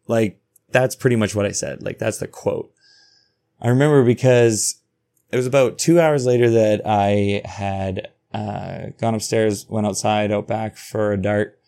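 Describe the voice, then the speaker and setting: A man's voice: on the low side, fairly even intonation, a little slow, dark tone, clean tone. A man from Alberta, hosting a podcast and telling a personal story in a candid, profane way, acting out his own inner thoughts. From Alberta, Canada. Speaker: podcast host. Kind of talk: confessional storytelling monologue.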